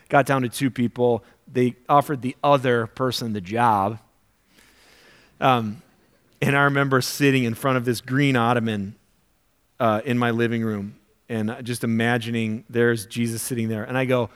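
Before the congregation in a church sanctuary, a pastor gives a conversational weekend sermon, questioning his listeners. He acts out quoted prayers loudly, his pitch and volume jumping sharply, and his tone is clean.

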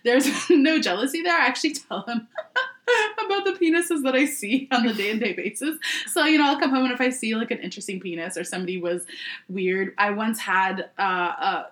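A woman's voice: a little high, brisk. A woman guest chatting casually on a podcast, telling stories animatedly and laughing often. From Canada. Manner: animated storyteller, laughs often, playful voices in quotes. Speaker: guest, sex worker.

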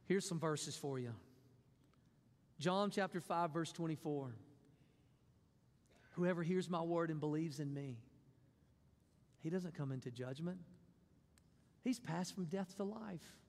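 A man's voice: a little high, slow pace, long pauses, a little mellow, in a large hall. A man preaching a sermon as pastor, emphatic, repeating his points and acting out quotes.

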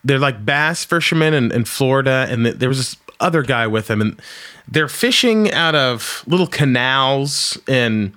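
A man's voice: medium pitch, expressive, normal speed, bright, forceful tone. Casual swearing storyteller man. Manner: rambling storyteller, swears freely. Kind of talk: casual chat.

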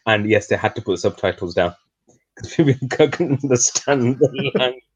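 A man's voice: mid-range voice, normal speed, husky. A man with an English accent, a podcast co-host telling a story in casual, chatty conversation. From England. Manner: chatty storyteller, animated when joking. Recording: lo-fi audio.

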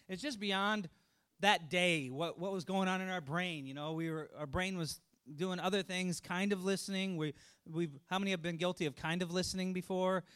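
A man's voice: sits high, a bit bright, clear, resonant tone. A middle-aged man preaching a conversational sermon, chatty, laughing often and repeating words as he thinks aloud. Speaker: pastor.

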